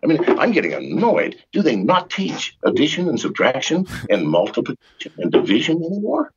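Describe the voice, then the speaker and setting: A man's voice: fairly high pitch, wildly swooping pitch, brisk, slightly rough. An older man as a podcast guest, ranting in a profane, exasperated way with sarcastic jokes over a muffled remote line. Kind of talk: ranting call-in interview.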